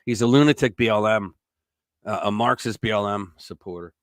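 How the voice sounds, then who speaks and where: A man hosting a casual news commentary show, reading stories aloud and breaking in with blunt, sarcastic remarks, swinging between loud outbursts and mumbled asides. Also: lowish voice, fairly quick, no room sound, studio quality. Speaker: political commentary host.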